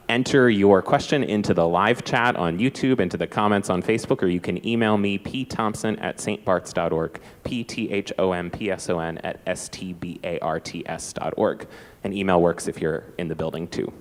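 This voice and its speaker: A man's voice: deep voice, steady tone, moderate pace. A man moderating a church forum, making casual announcements with "uh" fillers. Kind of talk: announcements and hosting.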